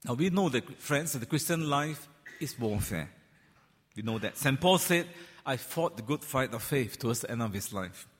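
A man preaching a sermon to a large congregation, talking in a loose, conversational way with frequent fillers and gentle teasing. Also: medium pitch, animated, moderate pace, husky. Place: large church hall. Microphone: handheld or stand microphone. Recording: long hall reverb.

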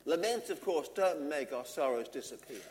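A man preaching a sermon, earnest and measured, driving his points home with repetition. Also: on the high side, animated. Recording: long hall reverb.

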